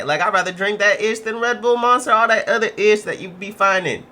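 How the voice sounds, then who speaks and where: Bright-voiced slangy male reactor. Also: high voice, fairly quick. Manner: slangy, laid-back, laughs easily. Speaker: reaction video host. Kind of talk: casual reaction chat.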